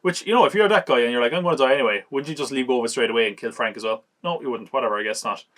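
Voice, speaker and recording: A man casually reviewing an action movie on a podcast, chatty and amused, recapping scenes and acting out quick quotes. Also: mid-range voice, a bit bright.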